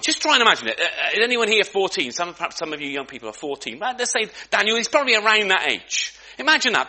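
A man preaching a sermon in a conversational way, full of restarts and asides, with lively emphasis, in a church. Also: extremely high pitch.

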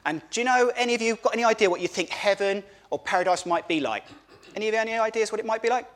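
A man giving a children's sermon at a family church service, animated, asking the children questions and repeating words for emphasis. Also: high voice, racing.

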